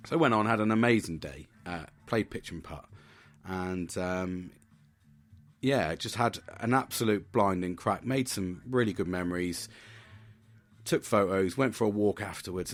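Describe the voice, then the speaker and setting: A deep, low-pitched man speaking in a casual, reflective monologue as a podcast host. He talks in a chatty, open way, swears freely and keeps checking in with "do you know what I mean".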